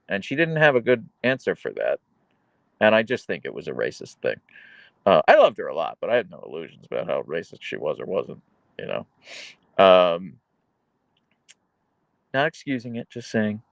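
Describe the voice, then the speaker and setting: A man's voice: on the low side, big pitch swings, normal speed, creaky, long pauses, dry recording, lo-fi sound. A man hosting a livestream, reading viewer messages and rambling casually with lots of fillers and self-corrections. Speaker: livestream host reading chat.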